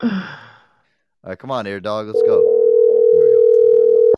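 A man's voice: fairly low pitch, a little slow, dull audio, very noisy. A man hosting a radio show, making prank calls and joking crudely with his co-hosts. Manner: laughing, profane, rambling.

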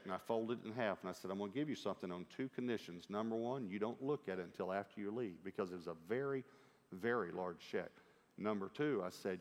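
A middle-aged man preaching a sermon, telling a lively story with quoted dialogue and humor. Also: lowish voice. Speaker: pastor. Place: large church auditorium. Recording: long hall reverb.

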